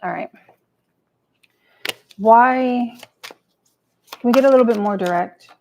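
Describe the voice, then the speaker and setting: A tarot reader speaks slowly in a fairly high, slightly mellow voice as she does a live reading at her home table beside a cat. She keeps it casual, muttering to herself and swearing freely with each card she pulls. The rough recording has a little hiss or hum.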